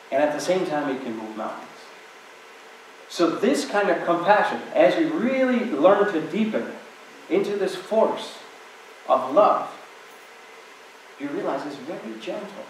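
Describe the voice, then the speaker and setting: Guy giving a talk in a big hall, kinda high voice, tons of echo, chatty storytelling. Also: a little hiss or hum. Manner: storytelling, conversational with many asides. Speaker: guest speaker. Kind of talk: inspirational talk. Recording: very echoey hall, distant mic.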